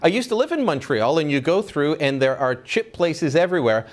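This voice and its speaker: A man's voice: fairly high pitch, big pitch swings, brisk. A man from Canada hosting a casual talk, explaining things conversationally with many fillers. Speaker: host. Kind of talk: casual chat.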